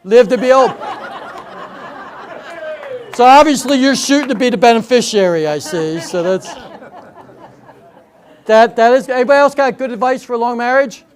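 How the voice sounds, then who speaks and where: Older man doing high-pitched stand-up. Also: expressive, normal speed, long pauses, some chatter behind. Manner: chatty storytelling, banters with the audience. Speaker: stand-up comedian. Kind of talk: stand-up comedy routine. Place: senior center hall before a live audience.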